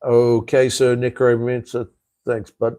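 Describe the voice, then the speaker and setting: A man's voice: mid-range voice, completely flat delivery, a little slow, dark tone. An Australian man hosting a casual live stream, chatting loosely and answering viewer comments with lots of fillers, "mate" and "hey". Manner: rambling, with frequent "uh", "mate" and "hey".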